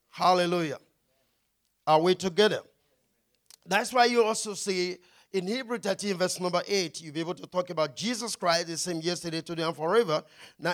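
A man preaching a sermon, emphatic, asking the congregation questions and slowing down to stress key phrases. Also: high-pitched, fairly bright tone.

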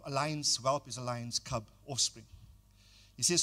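A man's voice: mid-range voice, measured pace, sharp tone. An older man preaching a sermon as pastor, exhorting the congregation and calling on them to repeat phrases.

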